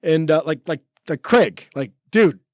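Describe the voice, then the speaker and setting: A man's voice: on the high side, expressive, measured pace, no room sound, clean studio sound. A man in his forties, a podcast guest, telling long stories in casual chat, full of 'like' and quoted back-and-forth. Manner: rambling, full of 'like', acts out quoted talk. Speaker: podcast guest, former Navy SEAL. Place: podcast studio.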